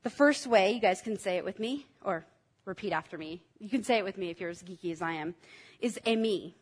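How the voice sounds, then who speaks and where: A woman's voice: mid-range voice, fast talker. A woman preaching a sermon in an enthusiastic, teacherly way, drawing the congregation in to repeat words after her. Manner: enthusiastic, teacherly, engages the audience.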